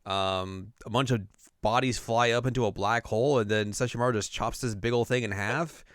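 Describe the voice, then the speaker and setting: A man co-hosting a casual anime podcast, retelling each scene and slipping into quick silly voices for the characters. His voice is smooth and clear, recorded close on a dry mic with no room sound. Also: mid-range voice, fairly bright tone, dry recording. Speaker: podcast co-host recapping an anime. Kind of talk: casual recap chat.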